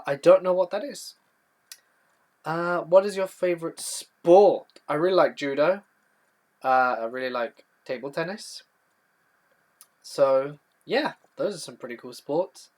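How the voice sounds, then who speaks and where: A young man hosting a live stream, chatty as he reads viewer questions from the chat and answers them one by one. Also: on the high side. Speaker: horror storytelling channel host.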